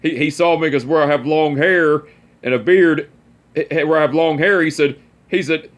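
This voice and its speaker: A young man speaking at normal speed in a voice on the high side tells family stories. He's casual and profane, laid-back, and often laughs at his own material.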